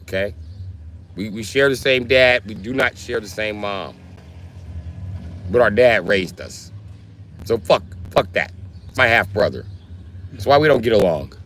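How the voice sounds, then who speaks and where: Male streamer host, deep-leaning, swooping delivery, crude animated banter. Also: a little slow, pauses often, a little hiss or hum. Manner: profane, animated storytelling with voiced asides. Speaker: livestream host. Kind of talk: casual livestream chat.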